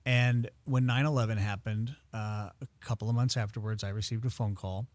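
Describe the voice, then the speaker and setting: Animated male storyteller, dry close mic. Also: on the low side, moderate pace, dry recording. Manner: animated storyteller, acts out quoted dialogue. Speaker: podcast guest, incense expert. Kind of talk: conversational interview storytelling.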